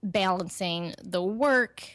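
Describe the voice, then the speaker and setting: A woman in her thirties chatting on a podcast about her life, bubbly and quick to laugh. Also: medium pitch, fairly bright tone, dry recording, clean studio sound. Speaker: podcast co-host and guest. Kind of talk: casual podcast chat.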